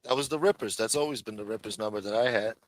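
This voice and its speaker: A man's voice: fairly low pitch, quick pace, dry recording. A man joining a livestream chat as a guest, talking in blunt, profane banter. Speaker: stream guest. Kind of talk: casual chat. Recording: noisy line.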